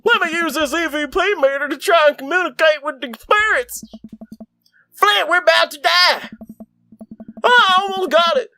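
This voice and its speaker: A woman's voice: very high voice, normal speed, long pauses, soft background music, voice pushed up, full character voice. Frantic hollering truckers voiced by a woman. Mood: panicked. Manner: shouted, frantic. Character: panicking redneck ghost-hunting trucker brothers.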